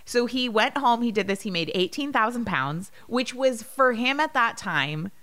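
A woman in her thirties co-hosting a podcast, chatting casually and telling stories with lively quoted voices. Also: a little high, normal speed. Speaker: podcast co-host. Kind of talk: casual chat.

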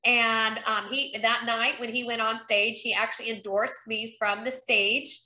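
A little high and level in tone, this congressional candidate from North Carolina speaks unhurriedly with a pushed, bright quality. She's upbeat and chatty in a casual interview, acting out conversations she quotes, with roomy echo around her.

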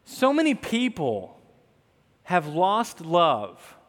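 A man's voice: sits high, huge pitch swings, extremely slow. A man in his thirties from the American South, preaching a sermon in an earnest, conversational way with asides to the congregation. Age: 30s. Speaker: pastor. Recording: long hall reverb.

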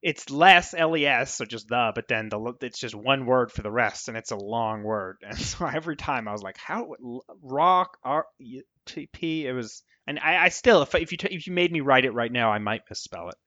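A man's voice: medium pitch, expressive, fairly quick, hardly any pauses, pushed and bright, no echo. Digressive American man, dull dry sound. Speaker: author guest. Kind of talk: casual interview.

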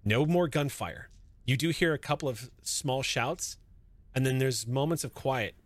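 A man narrating a tabletop sci-fi horror game as game master, explaining rules and scenes in a relaxed way with fillers and restarts. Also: mid-range voice, a little slow, no echo.

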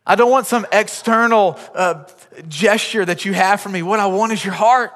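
This preacher's voice is high-pitched and a bit bright, at normal speed. Preaching as a pastor, he pleads earnestly and repeats words as a point builds, his sermon echoing with long hall reverb in a large church auditorium.

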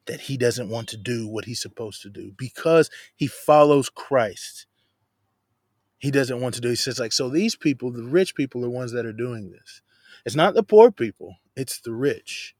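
A man's voice: medium pitch, lively intonation, moderate pace, a little mellow, no echo, clean studio sound. Casual, emphatic man teaching scripture. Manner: conversational and emphatic, slangy asides. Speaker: Bible teacher. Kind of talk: casual verse-by-verse Bible teaching.

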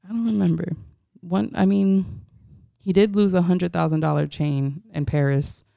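Gravelly-voiced young woman telling stories. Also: on the low side, moderate pace, no room sound. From Florida. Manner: animated, acts out quoted voices, many "like" fillers. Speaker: photographer guest. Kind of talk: casual interview storytelling.

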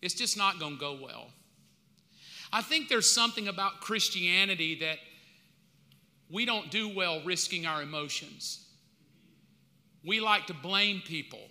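A man's voice: sits high, unhurried, pauses often, pushed and bright. A man from the United States preaching a sermon as pastor, in a casual, colloquial way with slang asides. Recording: long reverb of a large hall.

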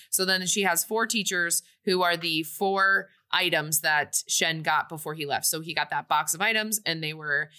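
A woman's voice: lowish voice, normal speed, hardly any pauses, bright, forceful tone. A young woman on a podcast, casually retelling a movie plot in a rambling way, full of fillers. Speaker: podcast co-host. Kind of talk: casual movie recap chat.

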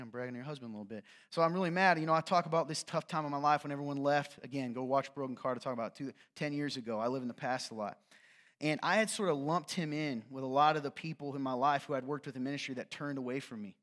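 Upbeat pastor preaching casually. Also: male voice, on the high side. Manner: conversational, jokey preaching with frequent "right?" asides. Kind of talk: sermon.

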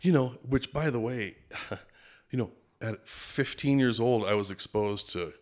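Middle-aged man from Minnesota, podcast guest, lively storyteller, mid-range pitch. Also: measured pace. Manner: animated, chatty, does playful impressions. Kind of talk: casual storytelling interview.

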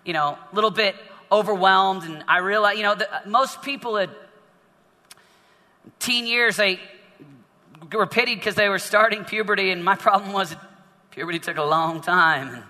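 A man's voice: high-pitched, moderate pace, pauses often, sharp tone, long reverb tail. A man preaching a sermon to young people. He tells a personal story and often repeats words and restarts his sentences. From northern United States. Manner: storytelling with frequent repetitions and restarts.

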